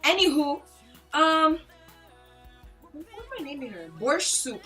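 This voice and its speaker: High, swooping young woman with a bright voice. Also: sing-song, slow pace, faint music behind. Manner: dramatic, swoops in pitch, mimics teacher. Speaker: vlogger. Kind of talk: casual storytime chat.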